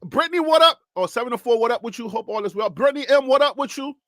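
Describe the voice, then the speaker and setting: High-voiced Liberian man hyping a stream. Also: no echo, studio quality. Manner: energetic, fast-talking, hyped. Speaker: sports talk show host. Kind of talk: casual live-stream chat with shout-outs.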